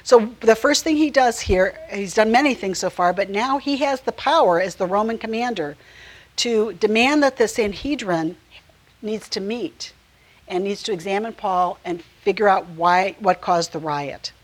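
An earnest woman leads a Bible study at a medium pitch, explaining scripture in a relaxed, conversational way. She pauses often, fills gaps with ums and corrects herself mid-sentence as she works through each point. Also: low-quality recording.

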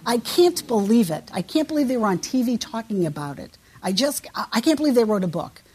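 A woman's voice: on the high side, sing-song, a little fast, a little mellow. A woman voicing a resentful longtime churchgoer who rants in a whiny, indignant way and stumbles over her words. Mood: grumbling, indignant. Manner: whiny, indignant, stammering rant. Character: resentful, self-pitying longtime churchgoer, grumbling.

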